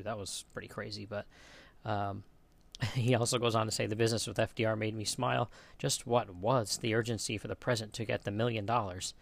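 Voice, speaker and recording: A man's voice: lowish voice, creaky. A man hosting a podcast, casually reading out listener emails with frequent ums and small chuckles. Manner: relaxed, chuckles often, frequent um and uh. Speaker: podcast host.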